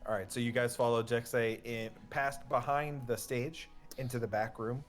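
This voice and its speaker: A man's voice: medium pitch, steady tone, normal speed, soft background music. A man narrating as game master of a tabletop game, rambling with many fillers.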